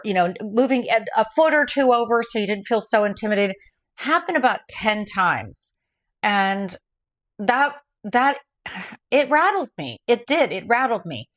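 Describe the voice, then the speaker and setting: A woman telling her own race story in a casual, rambling way, often restarting her sentences and correcting herself. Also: mid-range voice. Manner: rambling, self-correcting, candid. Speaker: vlogger recounting her race.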